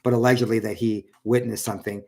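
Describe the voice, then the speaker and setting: A man's voice: lowish voice, flat delivery, fast talker, darkish tone. A man giving casual solo political commentary, rambling and repeating words, and raising his voice when he quotes others.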